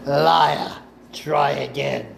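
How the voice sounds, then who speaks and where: A man reads as an old Sith lord with a slow, gravelly delivery, cold and mocking, each word measured and commanding. His voice rests at an everyday middle pitch, with a faint hiss under the home recording. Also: exaggerated voice. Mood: cold, probing. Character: cold, taunting elderly male Sith master.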